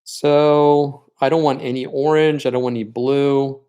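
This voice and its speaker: A man's voice: mid-range voice, fairly even intonation, a little slow, mellow, clear, resonant tone. Chatty man teaching a painting class. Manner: chatty and encouraging, talks while working; openly sentimental about his students. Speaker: art teacher leading a paint night. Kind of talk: live-streamed painting lesson.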